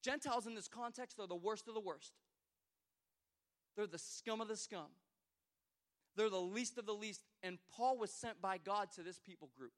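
A man in his thirties delivers a sermon in a notably high voice. He often restarts his phrases and moves between loud calls to the congregation and quiet personal storytelling. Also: normal speed. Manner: preaching with many repeated starts, swinging from loud exhortation to quiet storytelling. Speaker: pastor.

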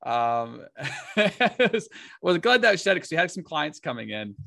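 A man's voice: fairly high pitch, big pitch swings, moderate pace, gravelly, sharp tone, dry recording, clean studio sound. A man co-hosting a podcast, telling casual stories and often laughing as he talks. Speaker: podcast co-host. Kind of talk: casual chat.

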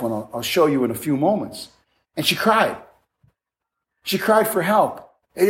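A man's voice: high-pitched, roomy sound. A man preaching an earnest, emphatic sermon, his voice climbing as he builds a point.

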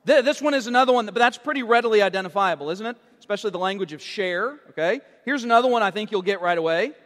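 A male pastor with a notably high voice delivers a sermon, teasing his listeners and slipping in jokes between points. The sound carries a long reverb, as if recorded in a large church sanctuary. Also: quick pace, a bit bright. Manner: teasing, joking with the congregation.

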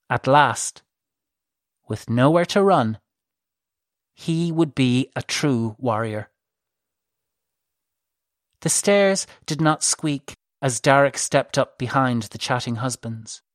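A male narrator reads a fantasy story aloud in a measured, unhurried way. His voice sits in an ordinary middle register. The recording is dry, with no room sound. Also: mid-range voice, fairly bright tone, no room sound. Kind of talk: audiobook narration.

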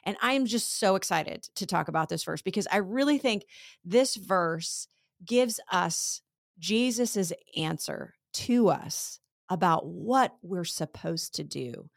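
A woman's voice: lowish voice, lively intonation, takes it slowly, gravelly, no echo, studio quality. A woman teaching a casual Bible lesson, retelling scripture scenes in conversational everyday speech.

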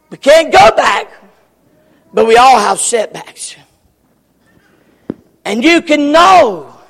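A man preaches in a slow, drawn-out way. His voice sits very high for a man and has a gravelly edge. He repeats his phrases and rises into sudden shouts, and his words echo with a long tail through a large church hall. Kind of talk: sermon.

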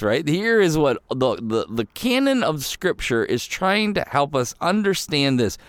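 A man preaching a sermon in a conversational, animated way, often voicing quick asides and quoted reactions. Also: medium pitch, no echo. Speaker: pastor.

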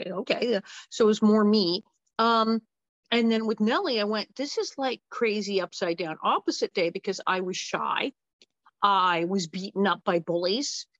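Animated woman telling showbiz stories. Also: lowish voice, no room sound. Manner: animated, acts out quoted voices. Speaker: interview guest, former child actress. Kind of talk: anecdotal storytelling. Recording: dull lo-fi sound.

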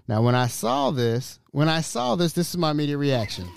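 A man hosting his own podcast, telling a story in a blunt, slangy, animated way. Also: a little high, moderate pace, vocal fry, hardly any pauses, clear, resonant tone, dry recording, studio quality. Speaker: podcast host. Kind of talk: solo podcast monologue.

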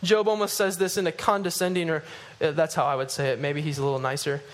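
A man with a high, light voice preaches a sermon. He goes low and hushed for scripture, then climbs higher and louder to drive a point home. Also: fast talker. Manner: animated, rising in pitch and force at emphatic points; drops low and quiet when reading scripture. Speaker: pastor.

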